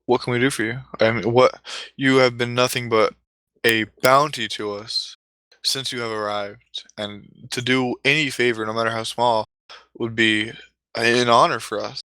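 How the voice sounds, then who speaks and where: A man's voice: mid-range voice, level tone, normal speed, bright, forceful tone, smooth, no room sound, lightly acted, poor audio. A man voicing a courteous older male monk who speaks in formal, solemn phrases, close to his own voice.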